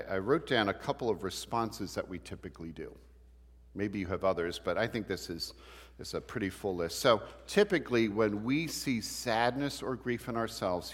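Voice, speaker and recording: A man's voice: lowish voice, a bit bright. A man teaching a church Bible class in a conversational way, asking the class questions as he goes. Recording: long hall reverb.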